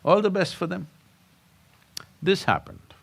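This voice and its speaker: Man, spiritual teacher, satsang talk, very animated pitch, slow delivery, rhetorical questions. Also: vocal fry. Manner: rhetorical, prods listeners with questions; storytelling with jokes.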